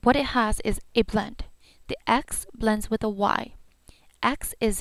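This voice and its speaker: A woman's voice: fairly high pitch, slow, creaky, no echo. A woman giving a patient pronunciation lesson, saying each sound several times over. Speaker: language teacher.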